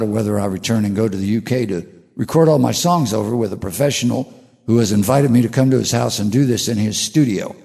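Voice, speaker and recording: Older male host, musing and unhurried, stumbles into restarts; warm, dark tone in a reverberant space. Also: mid-range voice, creaky. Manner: slow, musing, with halting restarts. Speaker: radio show host. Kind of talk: reflective spiritual monologue.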